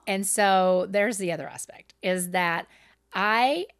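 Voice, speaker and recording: Animated middle-aged woman telling stories. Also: medium pitch, slow, clear, resonant tone, no room sound, clean studio sound. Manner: animated, self-deprecating, laughs often. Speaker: podcast co-host. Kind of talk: candid conversational storytelling.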